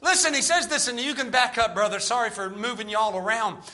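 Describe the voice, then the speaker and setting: A man's voice: very high-pitched, fast talker, pushed and bright. A man preaching a sermon to his congregation as pastor, fervent and emphatic.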